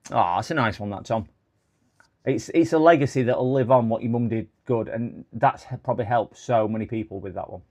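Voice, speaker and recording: A man's voice: medium pitch, fairly quick, darkish tone. A middle-aged man hosting a casual live stream, chatting in a rambling way that often slides into exasperated rants. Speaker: livestream host.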